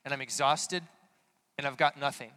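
A man's voice: medium pitch, fairly even intonation, normal speed, pushed and bright, long reverb tail, natural voice. A preacher voicing Peter, a weary fisherman. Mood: weary dismay.

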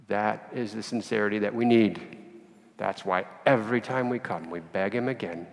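Gravelly man preaching in a reverberant church. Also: fairly low pitch, normal speed. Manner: gravelly, animated storytelling with acted dialogue. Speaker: priest. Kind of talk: sermon storytelling. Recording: long reverb of a church hall.

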